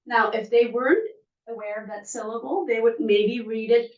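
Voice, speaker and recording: A woman teacher presenting to parents at a school workshop, who slowly sounds out syllables to demonstrate. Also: on the high side, steady tone. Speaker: first grade teacher. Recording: muffled, distant, echoey room.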